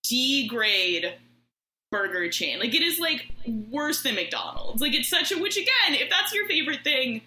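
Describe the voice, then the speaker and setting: A woman's voice: high-pitched, big pitch swings, a little slow, bright, forceful tone, roomy sound, low-quality recording. A woman in her thirties telling a story in casual chat, with lots of "like" and laughing through it.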